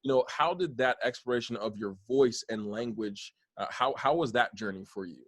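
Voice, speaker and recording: A man's voice: medium pitch, moderate pace, dry recording. A man hosting a podcast, talking earnestly and at length in a casual, rambling way with many restarts. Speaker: podcast host.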